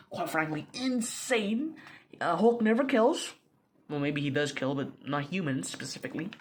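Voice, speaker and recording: A man's voice: on the high side, pushed and bright, a little hiss or hum. A young man casually recapping a comic book, rambling with lots of fillers, restarts and slang.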